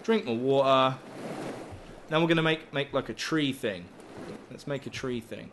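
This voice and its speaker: This gaming YouTuber talks over his survival game playthrough at a moderate pace with long pauses, joking, rambling, cursing freely, and yelping at scares. His voice sits mid-range with a slightly bright tone, and a little hiss or hum runs under the recording.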